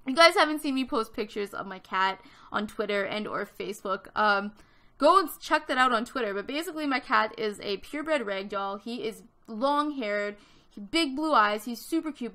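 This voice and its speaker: A Canadian woman in her twenties, a gaming vlogger, tells a story in casual chat over gaming footage, using lots of fillers. Her voice is a little high with a sharp tone.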